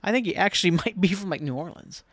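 An American man hosting his own solo podcast, rambling excitedly and swearing freely as he chats. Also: high voice, fast talker, no echo, clean studio sound. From United States. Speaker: podcast host. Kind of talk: casual solo podcast chat.

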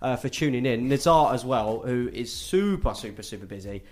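A man's voice: medium pitch, expressive, normal speed. A man hosting a football podcast from a studio, upbeat as he thanks the viewers and plugs the channel. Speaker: podcast host. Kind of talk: casual football podcast chat.

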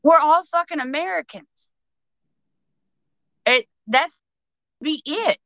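A woman's voice: high voice, no echo, lo-fi sound. A woman guest on a podcast, ranting about politics with passion, full of swearing and raised intensity. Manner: passionate, profane, fast-flowing. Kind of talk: heated political rant.

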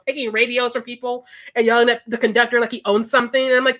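A woman in her thirties co-hosts a casual film podcast, her high, bright voice full of laughter. She swears freely and acts out what the characters said. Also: steady tone, fast talker, hardly any pauses. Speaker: podcast co-host. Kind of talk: casual movie review chat.

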